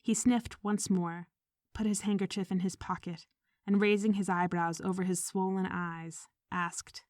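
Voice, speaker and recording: A woman reading a short story aloud in measured audiobook narration, sometimes dropping to a whisper. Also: lowish voice, level tone, a little mellow, no room sound. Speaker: audiobook reader.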